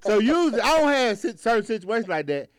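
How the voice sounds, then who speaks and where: A man tells a rambling story with lots of cussing. His voice is high and jumps all over. The sound is dry and close. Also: fast talker, clean tone, no room sound. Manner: animated, swearing, laughs through the story. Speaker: rideshare driver telling a story. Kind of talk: casual storytelling.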